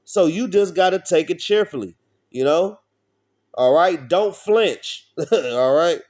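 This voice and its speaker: A man's voice: on the high side, lively intonation, slow pace, a little mellow. A man preaching an informal street sermon, blunt and profane, often asking his listeners questions.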